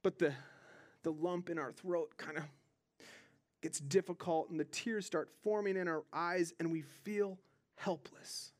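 A young man with a high voice preaches earnestly, speaking conversationally and doubling back on words as he presses a point. The sound is dry and close, with no room around it. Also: fairly even intonation, unhurried, no echo. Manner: earnest, repeats words when stressing a point. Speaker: pastor. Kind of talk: sermon.

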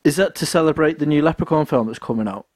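A man's voice: a little high, quick pace, a little mellow, no echo. A man co-hosting a podcast in casual chat, jokey and teasing. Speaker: podcast co-host.

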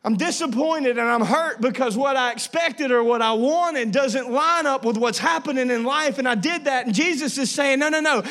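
A man in his thirties preaches a sermon with a notably high-pitched voice. He tells stories with playful humor, acting out little voices along the way. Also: normal speed, hardly any pauses. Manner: animated storytelling with playful asides and acted-out voices. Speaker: pastor.

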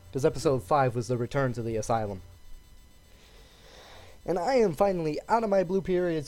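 A man co-hosting a podcast and telling a story with animation. His pitch rises and falls freely in a relaxed, chatty delivery. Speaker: podcast co-host. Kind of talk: casual chat.

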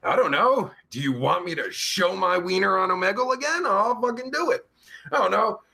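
A man's voice: high voice, expressive, normal speed, vocal fry, pushed and bright, heavily acted. A man playing a crude, foul-mouthed pervert character who hosts a comedy live stream, rambling and swearing constantly. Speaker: host.

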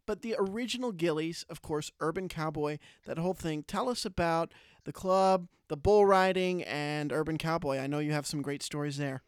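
A man's voice: fairly high pitch, moderate pace, few pauses, clear, resonant tone, no echo, clean studio sound. A man hosting an interview, asking about the guest's career and affirming him often. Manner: affirming, admiring, frequent "mm-hmm". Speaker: podcast host. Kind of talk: interview questions.

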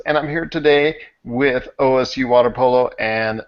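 A man's voice: mid-range voice, fairly even intonation, normal speed, hardly any pauses. A man hosting a casual podcast about video games, rambling with many fillers and restarts. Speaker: podcast host. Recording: dull lo-fi podcast audio.

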